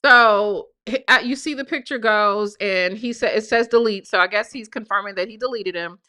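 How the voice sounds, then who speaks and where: A woman's voice: medium pitch, moderate pace, pushed and bright. A woman streamer giving sassy, mocking commentary while reading out text messages on a live stream. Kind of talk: casual gossip commentary.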